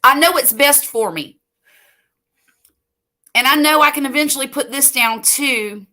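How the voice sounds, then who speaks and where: An older woman from the US Gulf Coast hosts a late-night livestream from home, chatting slowly and rambling, laughing easily as she reads viewer comments. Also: high-pitched, pushed and bright. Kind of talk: casual chat reading viewer comments.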